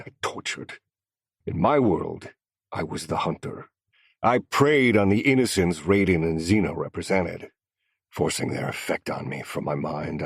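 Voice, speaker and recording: A man's voice: sits low, husky, dry recording, studio quality. A man narrating a first-person crime story in scripted audiobook style, with a menacing, growling delivery.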